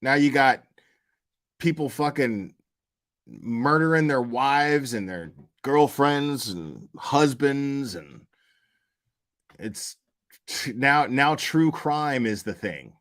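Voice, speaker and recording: A man's voice: mid-range voice, lively intonation, slow pace, pauses often, fairly bright tone. A man hosting a commentary channel, talking casually and profanely, rambling and answering his chat.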